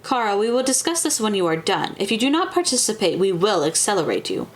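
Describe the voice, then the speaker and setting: A woman's voice: mid-range voice, very animated, fairly quick, natural voice. A woman voicing a cold, formal administrator who issues clipped warnings. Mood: stern. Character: cold official administrator, stern and curt.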